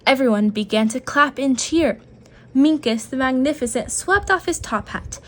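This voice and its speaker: A woman narrating a children's picture book aloud in a gentle, expressive way. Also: high voice, normal speed. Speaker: storyteller.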